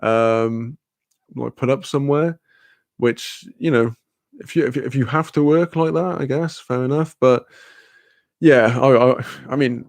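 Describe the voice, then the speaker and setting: A man's voice: mid-range voice, measured pace, vocal fry, darkish tone, dry recording. A Welsh man streaming a casual chat, laughing often, swearing freely and reading chat messages aloud. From Wales.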